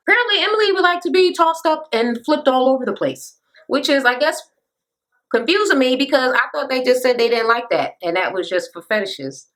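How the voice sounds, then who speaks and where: Woman, sassy profane rant, bright forceful voice, reality show recap. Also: high voice, lively intonation, brisk. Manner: blunt, profane and sassy, acts out quotes.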